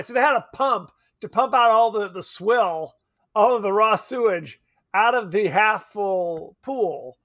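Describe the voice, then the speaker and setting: A man's voice: high-pitched, a bit bright, no echo, studio quality. A man co-hosting a podcast, chatting casually and animatedly about a horror film, laughing and swearing. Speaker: podcast co-host.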